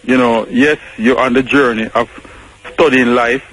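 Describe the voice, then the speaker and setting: A man's voice: mid-range voice, fairly even intonation, unhurried, fairly bright tone, soft background music, rough recording. A Jamaican man calling in to a radio show, making his points with rhetorical questions. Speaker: caller. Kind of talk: radio call-in chat.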